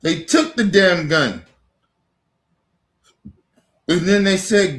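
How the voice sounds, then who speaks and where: A man in an angry, profane rant, repeating himself, swearing constantly, swinging from near-shouts down to low mutters. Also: lively intonation, very slow, roomy sound. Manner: heated, repetitive, swears constantly, rising to near-shouts then dropping low. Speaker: streamer ranting on camera.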